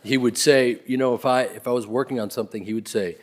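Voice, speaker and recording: A middle-aged man giving a spoken tribute, telling stories about his parents, sometimes loud and laughing, sometimes soft and close to a whisper. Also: medium pitch, fairly even intonation, quick pace. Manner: swings between loud laughing bursts and soft near-whispers. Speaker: eulogy speaker.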